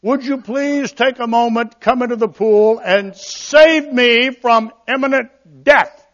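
A man's voice: extremely high pitch, takes it slowly, fairly bright tone, lo-fi sound, pitched above the performer's own voice, exaggerated voice. A preacher voicing an absurdly polite, overly formal drowning man as an example in his sermon. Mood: formal pleading.

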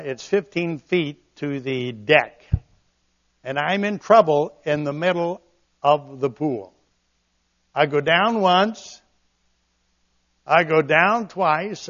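A male preacher delivering a sermon in an earnest, conversational way, swinging from loud emphasis to quiet asides. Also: fairly high pitch, lo-fi sound. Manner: earnest, conversational, dramatic shifts in volume.

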